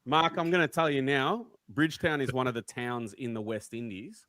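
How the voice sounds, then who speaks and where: A man's voice: mid-range voice, fairly even intonation, moderate pace, a crowd in the background. A man in casual banter who needles a friend, pleading with him and saying man, bro and dude. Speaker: podcast panelist.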